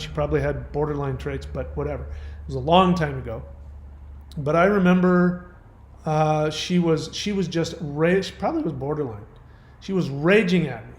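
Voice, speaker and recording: Blunt man talking in an echoey room. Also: sits high. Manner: blunt, emphatic, tells personal stories. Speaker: host. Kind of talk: commentary on a viewer's message.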